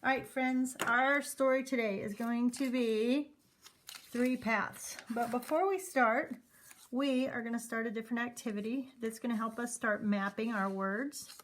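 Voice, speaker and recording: A woman teacher leading a phonics lesson for young students, sounding out letter sounds slowly and clearly and encouraging the children. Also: fairly high pitch, fairly even intonation.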